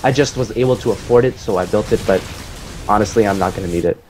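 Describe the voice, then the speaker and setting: A man's voice: lowish voice, fast, soft background music. Man casually commentating his own game. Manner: relaxed, explanatory, many fillers.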